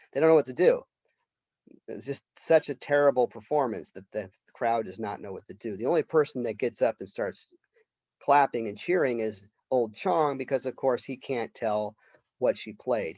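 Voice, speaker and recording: A man's voice: medium pitch, a little mellow, dry recording. Man lecturing on literature, lo-fi sound. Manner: conversational storytelling, retelling the plot. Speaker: literature professor. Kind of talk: college lecture. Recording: dull lo-fi lecture recording.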